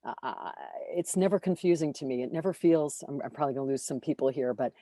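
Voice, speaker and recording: With a rumbling low voice and quick pace, a woman who narrates audiobooks talks casually in an interview. She's animated and self-deprecating, with many fillers and restarts, and there's no echo.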